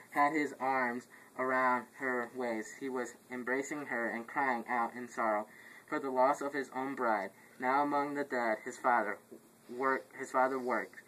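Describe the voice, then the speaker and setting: A man's voice: mid-range voice, a bit bright, slight background noise, lightly acted, poor audio. A man playing a messenger in an amateur play, reading his long report with stumbles, restarts and stifled laughs. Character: messenger reporting deaths to the royal house.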